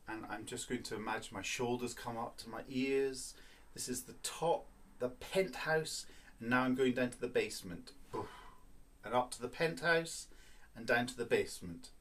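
A man's voice: medium pitch, fairly bright tone. A man teaching a children's violin lesson, patient and playful, counting beats and explaining step by step.

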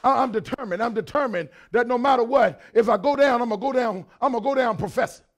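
A pastor in his fifties preaching a sermon, swinging between shouted lines and quieter talk, with lots of repetition. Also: very high voice, fast. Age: 50s.

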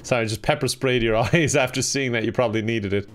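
A young man in his twenties with an Irish accent, giving playful let's-play commentary with quick reactions and frequent laughter. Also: medium pitch. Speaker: gaming video host.

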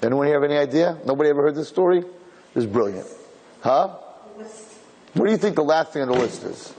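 A man, a rabbi, teaching a Torah class to a live audience as an animated storyteller who repeats words and climbs to shouts at the story's peak. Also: a little high, fast, a little hiss or hum. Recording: hall reverb.

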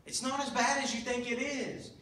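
Animated preacher in an echoing church. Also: male voice, extremely high pitch, normal speed, slight background noise. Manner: animated storytelling, acting out voices. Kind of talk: sermon. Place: church sanctuary. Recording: echoey hall, mic at a distance.

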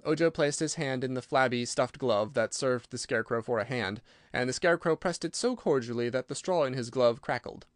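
A man narrating a children's fantasy book in a steady, even storytelling voice. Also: mid-range voice, a little fast, no room sound, studio quality. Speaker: audiobook reader. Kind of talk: scripted narration.

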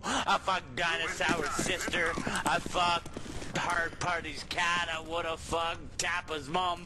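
A man's voice: on the high side, background noise, close to an everyday voice. A man putting on a drunken, crude leprechaun voice with a fake Irish accent, taunting teammates in online game voice chat. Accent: put-on Irish. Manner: slurred, sing-song, crude taunting. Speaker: streamer. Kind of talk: voice chat trolling in an online shooter. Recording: loud gunfire game audio behind.

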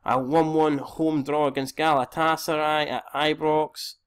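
A man's voice: fairly high pitch, little pitch movement, takes it slowly, pauses often, clean tone. A young Scottish man giving casual, sweary commentary on a football management game, often tripping over names. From Scotland. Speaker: gaming YouTuber.

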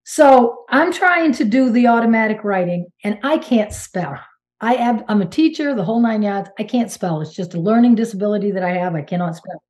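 A woman in her sixties from Maine talks through a casual interview, her voice warm and mellow. She tells her story in an animated, emphatic way, with exclamations and quick restarts, pitched in a middle range for a woman. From Maine, United States. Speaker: guest medium and channeler.

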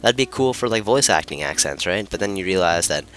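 A man rambles through a game session with dry, sarcastic asides. His voice is on the low side but bright and forward, with faint music playing underneath. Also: expressive, a little fast. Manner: sarcastic, rambling jokes, reads lines aloud. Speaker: let's play commentator. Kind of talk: casual gameplay commentary.

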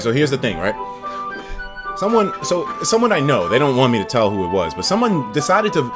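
A man streaming a video game, talking excitably and swearing often as he plays. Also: mid-range voice. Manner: excitable, profane, laughing. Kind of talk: let's play commentary.

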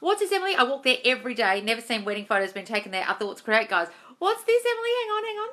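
A woman's voice: a little high, lively intonation, fast, sharp tone. A woman in her thirties hosting a live-stream Q&A at home, reading viewers' comments aloud and answering them bluntly and casually, calling them darling and swearing freely. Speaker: manifestation coach. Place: home room. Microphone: phone or webcam on a live stream.

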